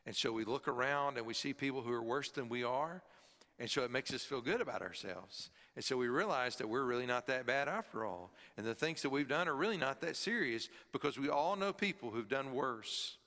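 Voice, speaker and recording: A man's voice: medium pitch, lively intonation, a little fast, sharp tone, big-room sound. A man preaching a sermon to a congregation in a church, with emphatic stress on key words. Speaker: pastor. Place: church sanctuary, also filmed. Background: congregation present.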